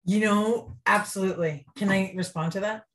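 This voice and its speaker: A woman's voice: mid-range voice, normal speed. A woman guest on an interview podcast, a restaurant consultant, talking earnestly and with enthusiasm in casual chat.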